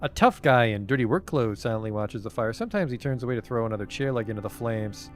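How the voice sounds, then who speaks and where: A young man streaming a game, reading the narration aloud and breaking off for wry asides. His voice is mid-pitched and ordinary in tone. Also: expressive, quick pace, soft background music.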